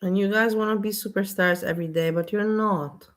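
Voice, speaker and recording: A woman's voice: mid-range voice, steady tone, a little fast. A woman vlogger with a delivery holds forth in a casual, exasperated rant. She is blunt and keeps repeating herself, in an everyday mid-range voice. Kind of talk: casual ranting monologue.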